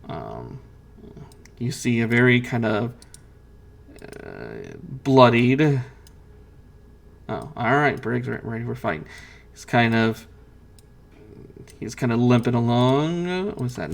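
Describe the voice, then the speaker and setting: A man's voice: medium pitch, creaky. A man running a tabletop game as game master, hesitant with many fillers and restarts.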